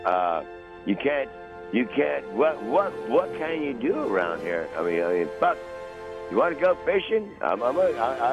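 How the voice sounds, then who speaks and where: A man's voice: medium pitch, big pitch swings, unhurried, creaky, over music. A man in his sixties hosting a podcast, talking in a casual, rambling monologue full of profanity and repeated words. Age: 60s. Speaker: podcast host. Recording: dull lo-fi dry recording.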